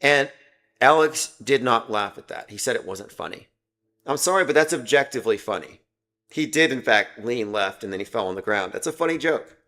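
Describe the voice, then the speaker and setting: A man's voice: medium pitch, lively intonation, normal speed, sharp tone. A man hosting a livestream, talking in a rambling, sarcastic way and reading viewer comments aloud between his points. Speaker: livestream host.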